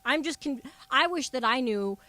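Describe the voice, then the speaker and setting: A woman's voice: high voice, lively intonation, normal speed, sharp tone, no echo. A woman chiming in on a radio show, asking thoughtful, questioning follow-ups. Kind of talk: casual radio banter.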